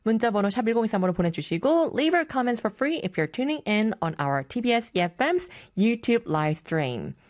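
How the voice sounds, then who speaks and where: A woman radio host talking at a breakneck clip in a studio, her pitch bouncing all over. She is playful and giggly, switching smoothly between languages as she chats. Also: big pitch swings, racing, few pauses, no echo. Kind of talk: bilingual radio hosting.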